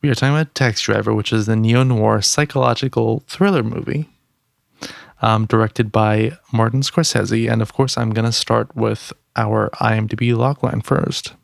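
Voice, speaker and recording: Very gravelly man hosting a podcast. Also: fairly low pitch, steady tone, a little slow, dry recording, clean studio sound. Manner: upbeat, teasing, reads notes aloud. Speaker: podcast co-host. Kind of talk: casual chat.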